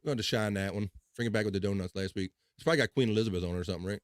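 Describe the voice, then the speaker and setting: A man's voice: on the low side, rapid-fire, dry recording, clean studio sound. A man co-hosting a casual live stream, laughing often and reading viewer comments aloud. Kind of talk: casual banter.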